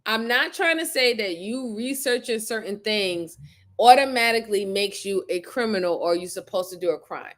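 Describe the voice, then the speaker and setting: Hosting a crime reaction show, this woman speaks at normal speed in an animated, medium-pitched voice. Her tone with the chat is casual, blunt, and exasperated, with frequent swearing and laughter.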